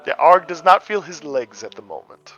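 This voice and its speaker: A man from the American Midwest, his voice on the high side, sing-song and fairly bright, runs a tabletop game as game master. He narrates loosely at a normal speed with plenty of fillers, captured in dull lo-fi audio with faint music.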